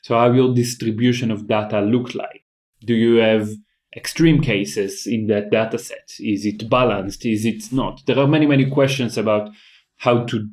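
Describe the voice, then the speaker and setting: Guest: low-pitched man, halting explainer, repeats words. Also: darkish tone. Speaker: guest, AI company founder. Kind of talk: technical interview talk.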